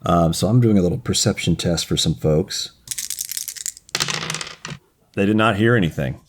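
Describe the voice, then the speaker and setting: Deep-voiced man running a tabletop game. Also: moderate pace, noisy background. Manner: casual, profane, filler-heavy. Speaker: game master. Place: home podcast recording.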